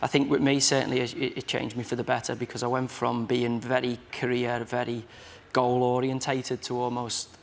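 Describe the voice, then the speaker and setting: A man in his thirties with a broad Merseyside accent, talking as a chat show guest. He rambles and restarts his sentences often, in a mid-pitched voice. The studio carries a long reverb, with a faint hum behind him. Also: level tone, moderate pace, gravelly, hardly any pauses. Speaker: guest, footballer. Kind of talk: casual chat show talk.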